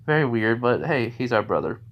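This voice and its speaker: A man voicing a gentle young girl, a little sister, with a raised pitch. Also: sing-song, a little fast, muffled recording. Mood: fond.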